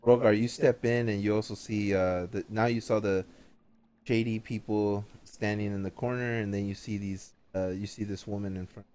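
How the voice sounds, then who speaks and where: Male game master, low mellow voice, casual, halting narration. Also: fairly even intonation. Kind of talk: narrating an online tabletop game.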